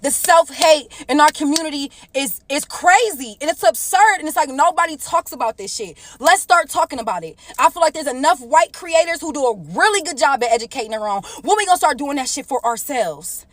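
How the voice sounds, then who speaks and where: A woman's voice: sits high, expressive, fairly quick, hardly any pauses, no room sound. A woman giving blunt, earnest commentary to camera, with the odd swear word. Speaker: content creator.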